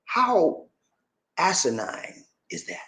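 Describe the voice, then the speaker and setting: Animated preachy man with a lively voice. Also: a little high, slow. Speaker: YouTube creator. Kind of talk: casual vlog monologue.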